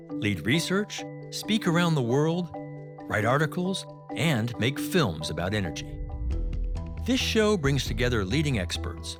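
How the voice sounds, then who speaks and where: Middle-aged man, show host, animated pitch, curious interviewer, music under him. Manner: lively, curious, laughs easily. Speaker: host, energy scientist. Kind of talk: scripted narration and casual interview chat.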